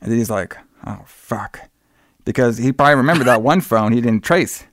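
A podcast co-host with a medium-pitched voice talks quickly, recapping a film scene by scene in casual chat, recorded with no echo. He's animated and full of filler, swearing freely and jumping into raised voices to act out the characters' lines.

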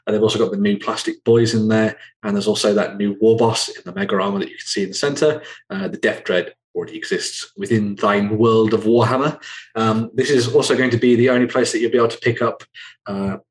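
A man, hosting a relaxed chat. He talks in a loose, rambling way, filling his gaps with ums and uhs. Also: on the low side, fairly quick, low-quality recording. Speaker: host. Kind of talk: casual chat.

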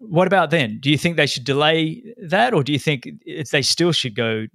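A man's voice: on the high side, expressive, normal speed, vocal fry, fairly bright tone, dry recording, clean studio sound. An Australian man hosting a podcast interview, chatty and encouraging. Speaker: podcast host. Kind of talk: conversational interview.

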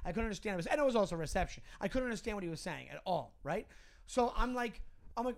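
A man co-hosting a comedy podcast, telling a story in a casual, animated way, swearing and acting out both sides of an argument. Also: high voice, fast. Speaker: podcast co-host.

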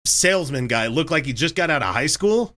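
A man's voice: a little high, animated, fairly quick, sharp tone. A man in his forties chatting casually on a livestream, telling stories animatedly, acting out dialogue and swearing freely. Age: 40s. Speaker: podcast co-host.

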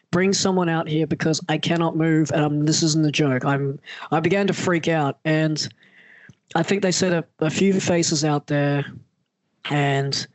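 A man's voice: on the high side, no room sound. A man, a wrestler, telling a story in casual talk and acting out the voices he quotes. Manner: animated, acts out quoted voices.

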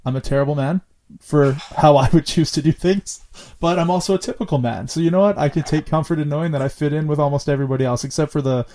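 A man's voice: fairly high pitch, fast talker, warm tone. A middle-aged man hosting a podcast, telling candid stories and swearing freely in casual chat. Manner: candid, profane storytelling. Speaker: podcast host.

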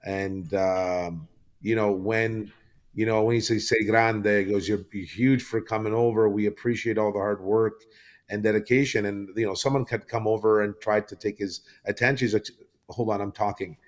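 A Canadian man guesting on a podcast tells a long, rambling story in casual chat, full of fillers and restarts. He speaks at a moderate pace in a fairly low, steady voice.

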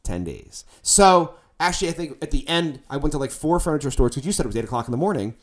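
A man tells a rambling story with lots of swearing, his pitch swinging widely as he goes. He sounds loose, casual and animated. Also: quick pace.

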